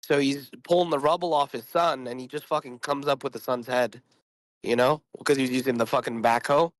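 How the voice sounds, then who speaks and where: A sick man talks bluntly on a group voice call, clearing his throat often and swearing freely. His voice sits at an ordinary pitch and the sound is dry, with no room around it. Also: fairly even intonation, a little fast, no room sound. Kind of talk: casual chat.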